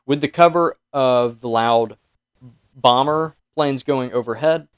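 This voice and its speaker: Male game master, mid pitch, halting and casual, dry close sound. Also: clear, resonant tone, dry recording. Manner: halting, many fillers. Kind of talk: running a tabletop horror game.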